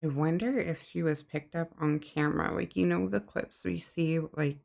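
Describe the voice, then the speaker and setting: A reaction host muses in casual chat, starting and stopping with fillers. The voice is gravelly with heavy vocal fry at a middle pitch. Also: steady tone, darkish tone. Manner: halting, thinking aloud with fillers.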